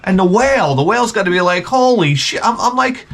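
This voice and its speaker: A man's voice: high voice, expressive, fast, a bit bright. A man hosting his channel, talking in a rambling comedic monologue and swearing constantly. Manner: rambling, jumps between jokes. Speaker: host of a retro gaming channel.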